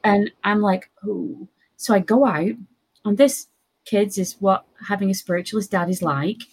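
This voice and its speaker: A young woman telling a spooky personal story in casual chat, lively and quoting others. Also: medium pitch, normal speed, breathy edge. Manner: animated, quotes others in voices.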